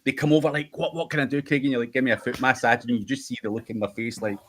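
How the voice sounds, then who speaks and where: A man's voice: mid-range voice, rapid-fire, a little hiss or hum. Scottish male host, laughing storyteller who swears a lot, chatty livestream delivery. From United Kingdom. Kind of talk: casual livestream chat.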